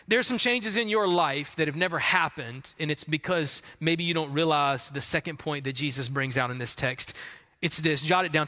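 A man's voice: fairly high pitch, normal speed. A man preaching a conversational sermon to a congregation, acting out the people in his story. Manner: conversational, acts out quotes, rising excitement. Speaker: pastor. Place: large hall with congregation. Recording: long hall reverb.

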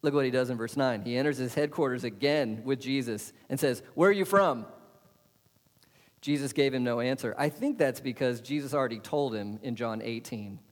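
A man's voice: medium pitch, fairly even intonation, brisk, hardly any pauses, darkish tone. A man preaching a sermon as pastor, putting questions to the congregation and answering them with emphasis. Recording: long hall reverb.

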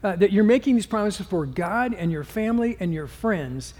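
A man's voice: high voice, animated, normal speed, darkish tone. Man, pastor, sermon, earnest and emphatic, restarts often, lingering church-hall echo.

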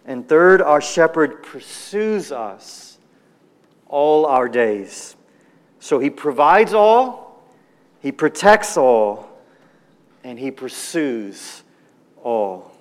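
Slow, earnest preacher man in a hall. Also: a little high, sing-song. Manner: earnest, emphatic, slows and drops on key words. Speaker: pastor. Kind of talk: sermon.

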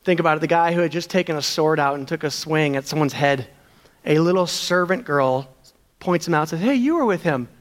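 Male pastor with a high voice, preaching earnestly with rhetorical questions. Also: fairly even intonation, a little fast. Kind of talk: sermon.

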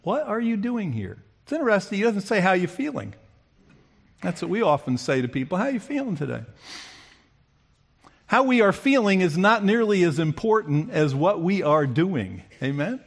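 Male preacher, higher than usual pitch, dramatic delivery, voices the quoted speakers. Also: very animated, moderate pace. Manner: dramatic, acts out quotes with big swings in pitch and loudness. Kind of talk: sermon.

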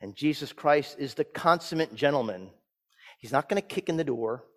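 A man pastor giving a sermon, swinging from loud emphatic peaks down to soft hushed lines. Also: medium pitch, expressive, normal speed. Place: church sanctuary. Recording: church sanctuary with long reverb.

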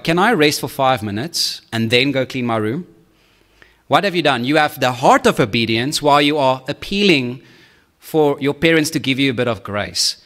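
Male pastor, earnest sermon, mid-pitched, frequent check-ins, pitch rises on emphasis. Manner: swings to high, louder emphasis on key points.

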